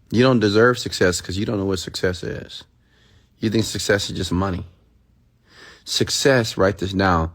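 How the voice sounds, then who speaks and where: Emphatic, preachy man giving a motivational talk. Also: on the low side. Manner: emphatic, preachy, blunt with profanity; talks straight to listeners, rhetorical questions. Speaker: motivational speaker. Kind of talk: motivational monologue.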